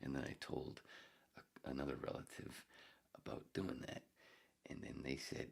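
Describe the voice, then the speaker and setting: Very deep gravelly man, rambling chat. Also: normal speed, pauses often. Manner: rambling, self-mocking, drops into whispers and laughs. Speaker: podcast host. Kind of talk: casual solo chat reading a live chat.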